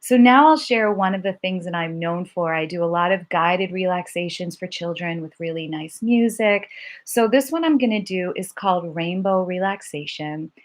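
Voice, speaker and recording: A woman teaching mindfulness exercises, speaking softly and gently, slowing down to lead calm repeated mantras. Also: on the low side. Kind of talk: guided mindfulness instruction.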